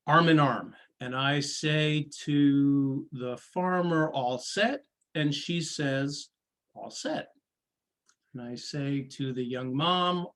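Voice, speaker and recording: A man, a former prosecutor, telling a story in a talk, slow and deliberate, acting out the people he quotes. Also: fairly high pitch, a bit bright. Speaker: guest speaker, former prosecutor.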